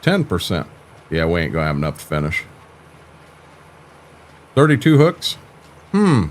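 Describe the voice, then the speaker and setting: A man's voice: sits low, huge pitch swings, measured pace, slight background noise. Laid-back older man, folksy stammer. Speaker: farming game streamer. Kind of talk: casual live-stream chat.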